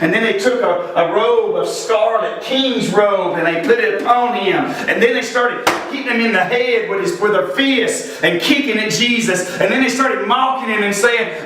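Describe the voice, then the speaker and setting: A man tells a Bible account for children in a simple, earnest way. His voice sits fairly high. It is recorded from far off in a very echoey church room. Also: a bit bright. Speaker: church children's ministry presenter.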